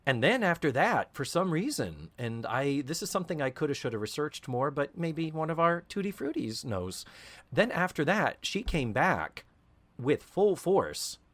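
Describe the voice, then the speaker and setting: A very animated man with a higher, fairly bright voice co-hosts a podcast at a moderate pace. The talk is casual and showy, and he breaks into put-on voices to quote scenes.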